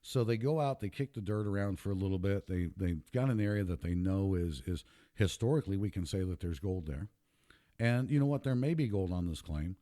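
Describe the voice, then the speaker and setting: A man's voice: deep voice, lively intonation, a little fast, mellow. A man hosting a show, talking in a casual, emphatic monologue, repeating himself and getting worked up. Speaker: podcast host.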